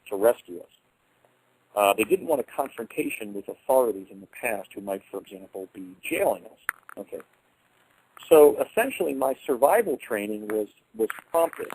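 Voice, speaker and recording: A man's voice: mid-range voice, a little mellow, slightly rough, no echo, rough recording. A man telling a long personal story in a rambling way, often correcting himself mid-sentence and acting out the voices of people he quotes. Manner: restarts and self-corrections, acts out quoted voices. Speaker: speaker recounting personal experiences.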